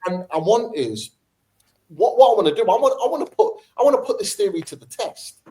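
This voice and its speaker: A man's voice: high voice, sing-song, brisk, warm tone, low-quality recording. Give me a fired-up man in a fan debate, ranting and repeating himself for emphasis. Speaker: football podcast host.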